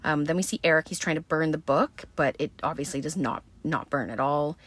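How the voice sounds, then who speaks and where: A woman's voice: low voice, fairly quick, fairly bright tone, slightly rough. A woman giving a casual, chatty film recap, full of "um" and "like" fillers and blunt about what happens. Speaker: movie recap host.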